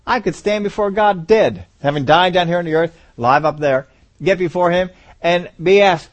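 A man's voice: high-pitched, moderate pace. A man preaching a sermon, asking the congregation rhetorical questions and repeating phrases for emphasis.

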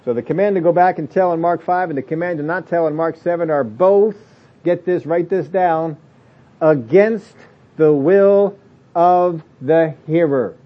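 A man's voice: on the high side, a little slow. A man preaching a sermon in a plain-spoken way, acting out the excuses people make in different voices. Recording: dull lo-fi audio recording.

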